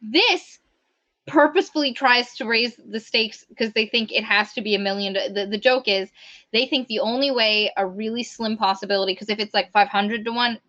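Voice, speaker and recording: A woman's voice: on the high side, moderate pace, bright, forceful tone. A woman co-hosting a casual book podcast, enthusiastically retelling scenes and arguing her reading. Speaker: podcast co-host. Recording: slightly dull lo-fi sound.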